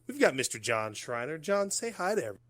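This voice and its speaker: A man with an American accent hosting a casual podcast, joking loosely and talking in quick bursts. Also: fairly high pitch, very animated, fairly bright tone. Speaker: podcast host.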